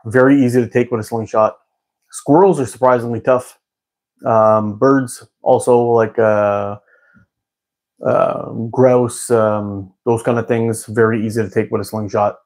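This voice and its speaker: A man's voice: mid-range voice, steady tone, unhurried, a little mellow. Chatty man hosting a live stream. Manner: chatty and rambling, frequent laughs and restarts. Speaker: live-stream host answering chat. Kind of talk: casual live-stream chat.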